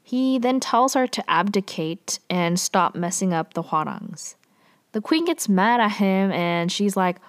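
A woman casually recapping a drama episode, chatty and full of fillers, with lively quoting. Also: mid-range voice, measured pace.

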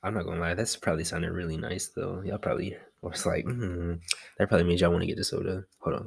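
A young man hosting a casual solo podcast from home, chatty and rambling, talking quietly so as not to be loud. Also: deep voice, level tone, fast talker, vocal fry, husky. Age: young adult. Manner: chatty, rambling, self-amused. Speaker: podcast host.

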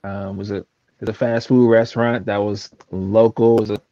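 A man's voice: lowish voice, flat delivery, normal speed, mellow, no echo. A man in a casual chat, rambling and hesitant with many fillers. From San Francisco. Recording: dull lo-fi sound.

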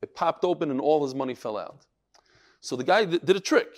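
A man giving a Talmud class lecture, explaining quickly and acting out the people he quotes. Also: fairly high pitch. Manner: animated, acts out quoted speakers. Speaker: Talmud teacher.

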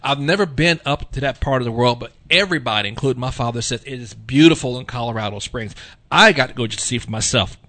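A man hosts a relaxed radio chat, reading down a list of observances with plenty of "uh" and "let's see". His voice is bright and forward, and he keeps the talk loose. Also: mid-range voice, fast talker. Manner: easygoing, reads lists with fillers. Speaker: radio show host. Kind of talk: casual chat.

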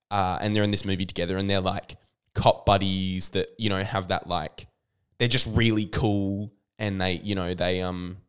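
A man with a low, smooth voice rambles through a movie plot on a casual podcast. He tells it with animated energy and drops into quick impressions of the characters as he goes. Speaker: podcast co-host. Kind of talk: casual chat about movies.

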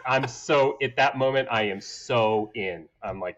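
A man telling stories in a casual podcast chat, animated, laughing and swearing as he goes. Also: mid-range voice, measured pace, highs cut off. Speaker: podcast guest.

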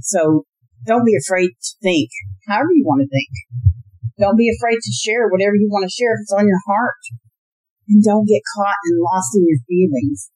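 A woman's voice: mid-range voice, moderate pace, a little mellow, slightly rough, no echo, poor audio. A middle-aged woman giving heartfelt, faith-based advice as a podcast guest, earnest and emphatic, repeating her key phrases.

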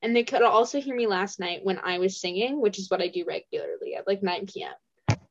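A woman's voice: medium pitch, brisk, muffled recording, background noise. A young American woman co-hosting a casual chat podcast from a small room, bubbly and rambling, saying "like" a lot. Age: young adult. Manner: bubbly, rambling, heavy use of "like". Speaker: podcast co-host. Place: small dorm room with thin walls.

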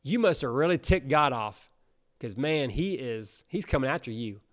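Blunt, mocking male buddies, as a preacher puts them on, talking in slangy, casual accusations. The voice keeps to an ordinary middle pitch. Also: expressive, moderate pace, natural voice.

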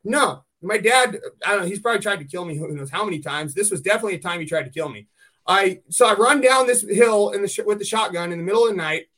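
A man from California hosting a podcast, telling hunting stories in a casual, animated way and swearing freely. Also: sits high, quick pace. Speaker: podcast host. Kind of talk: casual chat.

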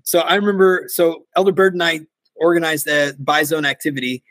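A man with a high voice tells stories as a podcast guest, lively and quick to laugh. His voice sits close and dry on the mic, with no room sound around it. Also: no echo, poor audio. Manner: animated, laughs often, acts out quotes. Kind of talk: casual storytelling chat.

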